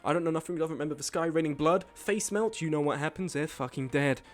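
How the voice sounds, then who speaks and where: Male streamer, casual commentary, excitable, swears a lot, raised pitch, faint music underneath. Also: fast talker. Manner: excitable, swears freely, jokes with chat. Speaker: streamer host.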